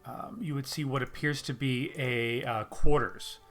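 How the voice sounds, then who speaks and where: A man's voice: mid-range voice, steady tone, unhurried, fairly bright tone, faint music behind. A man working as game master, narrating a tabletop game casually and hesitantly, with many fillers and easy laughter.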